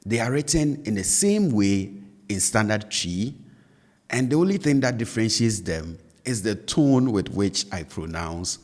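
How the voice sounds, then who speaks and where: A man teaching a language lesson, patiently explaining and repeating example words with exaggerated pitch. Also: big pitch swings, a little slow, darkish tone, big-room sound.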